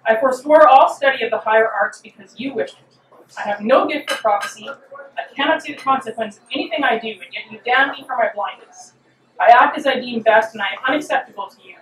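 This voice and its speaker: A weary, defiant old witch, played by a woman reading aloud, earnest and resentful as she answers back. The voice is a touch high and comes from off the mic, through a roomy, echoing hall. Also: fairly quick, a bit bright, distant mic, slight background noise, natural voice.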